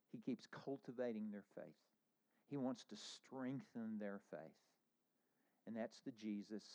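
Earnest male preacher, mellow and muffled. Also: lowish voice. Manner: earnest preaching, swings between hushed and emphatic. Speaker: pastor. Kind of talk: sermon.

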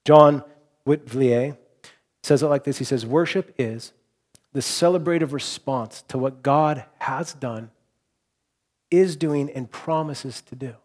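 A man preaching a sermon as pastor, earnest, rising to impassioned repeated phrases and dropping to quiet reflection. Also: medium pitch, takes it slowly. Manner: drops to quiet, soft delivery for reflective points.

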